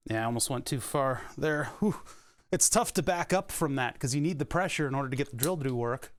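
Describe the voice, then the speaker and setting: Animated and brisk, a medium-pitched man banters sarcastically while repairing a printer live for his stream. He laughs a lot as he jokes around. His headset or desk mic adds a faint hiss or hum.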